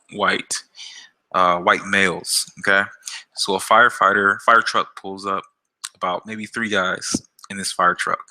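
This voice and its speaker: Low bright-voiced man telling a story. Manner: hesitant, many fillers and restarts. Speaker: gaming YouTuber. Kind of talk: casual storytelling to camera.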